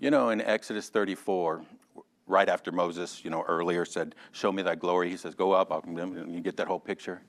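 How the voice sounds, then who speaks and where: Animated man teaching a Bible class. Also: deep voice, fairly quick. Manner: animated, addresses class members by name, jokes. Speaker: Sunday school teacher. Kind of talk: conversational Bible lesson.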